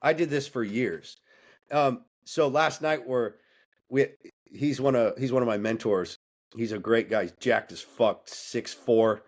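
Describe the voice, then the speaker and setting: A man with a mid-range voice speaks at a measured pace as a coaching guest on a podcast. His talk is blunt and intense, laced with profanity and a preachy edge, in a candid conversational setting.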